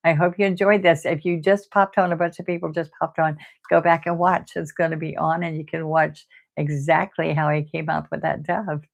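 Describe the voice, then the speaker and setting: An older woman, hosting a live painting stream. She talks softly and close to tears, often repeating words as she chats to viewers. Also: sits low, flat delivery, normal speed, gravelly. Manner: soft-spoken, tearful, repeats words. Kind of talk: casual heartfelt chat to live viewers.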